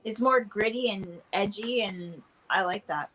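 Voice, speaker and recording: An easygoing woman in casual chat, often answering with short words of agreement. Her voice sits at a middle pitch. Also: a little slow, fairly bright tone, breathy edge, rough recording.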